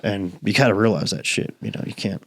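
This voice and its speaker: A man's voice: lowish voice, steady tone, a little fast, a bit bright, husky. A man hosting a podcast, telling a story in casual, profane chat and laughing often. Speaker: podcast host.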